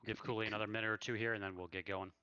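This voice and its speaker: A man's voice: on the low side, fairly even intonation, racing, bright, forceful tone, smooth, no echo, lo-fi sound. A man running a tabletop game, chatting casually and thinking aloud over a voice call. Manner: laid-back, thinking aloud. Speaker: game master. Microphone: online voice call.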